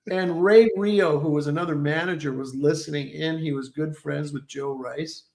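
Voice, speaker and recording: Comedian guy telling a story, lively, kinda high pitched, echoey room. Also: normal speed, vocal fry, few pauses. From Detroit, Michigan. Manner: animated, lots of voices and laughs. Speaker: comedian guest. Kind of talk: storytelling with impressions. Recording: roomy echo.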